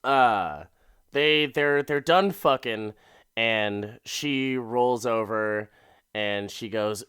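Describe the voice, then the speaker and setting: A man tells a story loosely and with plenty of swearing, acting out bits of dialogue as he goes. His voice comes across smooth and clear. He speaks at an unhurried pace, close to a dry mic. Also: fairly low pitch, a bit bright, no echo. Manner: profane, rambling, acts out characters' lines. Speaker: podcast host recapping an episode. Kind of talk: casual comedic plot recap.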